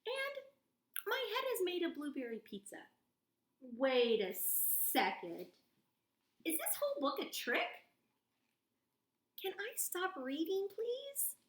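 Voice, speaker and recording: A woman's voice: very high voice, huge pitch swings, slow pace, pauses often, echoey room. A woman reading a children's book aloud in a playful, silly, exaggerated voice. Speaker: storybook reader for children.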